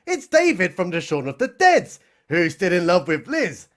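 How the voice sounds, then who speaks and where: A man with a high-pitched voice narrates a comedy recap, sneering and sarcastic throughout. His pitch swings widely from line to line. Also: huge pitch swings, normal speed. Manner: sarcastic, mocking. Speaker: comedy reviewer.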